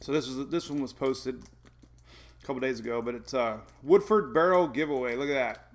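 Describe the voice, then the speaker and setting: A man of medium pitch talks briskly while hosting a live weather stream from home. He rambles casually, jokes around and laughs often at his own expense.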